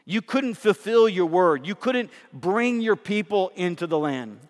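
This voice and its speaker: High-voiced man preaching in a reverberant hall. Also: expressive, measured pace. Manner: conversational preaching with rhetorical questions to the congregation. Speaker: pastor. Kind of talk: sermon.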